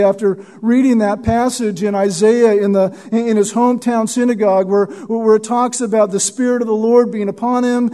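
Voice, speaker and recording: A man preaching a sermon as pastor, teaching through scripture and sinking to a hushed tone when he quotes. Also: very high-pitched.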